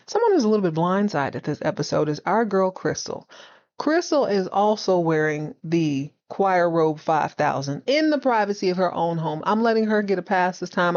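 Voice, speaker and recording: A woman hosting a podcast, recapping a TV series in casual, sassy commentary and acting out the characters' lines in quick voices. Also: medium pitch, a little mellow, highs cut off.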